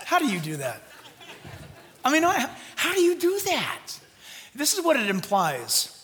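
A man preaching a sermon as pastor to his church, exuberant, loud and fervent, joking with the congregation between points. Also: very high-pitched, huge pitch swings, unhurried, long reverb tail, slight background noise. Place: church sanctuary.

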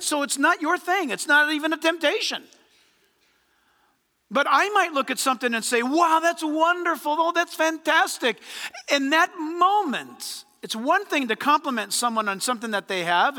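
A man preaching a sermon in a church, lively and full of rhetorical questions put to the congregation. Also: very high-pitched, in a large hall. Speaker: pastor. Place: church sanctuary.

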